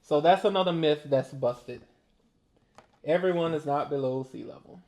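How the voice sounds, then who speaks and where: A man's voice: a little high, moderate pace. A man with a New Orleans accent, chatting casually and laughing easily while eating. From New Orleans, Louisiana. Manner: relaxed, talkative, laughs often. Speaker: host.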